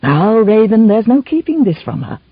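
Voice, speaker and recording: A woman voicing an older lord and gentle stepfather, with measured, old-fashioned speech, in a slightly muffled recording. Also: on the high side, very animated, husky, no room sound, voice pushed up.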